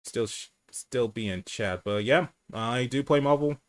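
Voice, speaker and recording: A man hosts a casual livestream chat, speaking candidly and with plenty of profanity. He says he talks low and rambles with restarts, and his delivery is unhurried.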